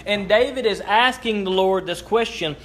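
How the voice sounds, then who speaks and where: A man preaching a sermon as a pastor, earnest and halting, often restarting his sentences. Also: high voice, a bit bright. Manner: slow, deliberate scripture reading. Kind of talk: sermon with prayer and scripture reading.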